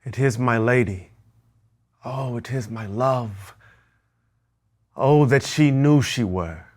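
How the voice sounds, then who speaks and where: A male actor reciting Shakespearean verse as the lovestruck young Romeo, in a measured, lyrical delivery. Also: mid-range voice, a little mellow.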